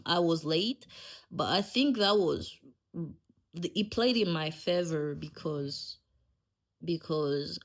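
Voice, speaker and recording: A young woman from Rwanda tells a personal story in an easy, chatty way. Her voice sits slightly low, and she laughs often and restarts her sentences as she goes. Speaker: podcast host. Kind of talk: casual storytelling.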